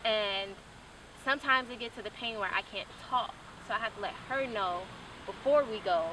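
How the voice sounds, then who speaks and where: A woman's voice: on the high side, normal speed. A young woman giving an earnest, candid interview, with casual fillers and restarts. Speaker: interview guest. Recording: noisy, from a distance.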